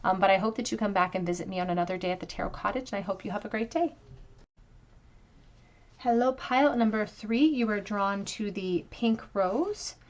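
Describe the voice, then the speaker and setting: A woman's voice: medium pitch, fairly quick. A woman giving a pick-a-card tarot reading to her viewers, earnest and reflective, drawing out key phrases for emphasis. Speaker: tarot reader.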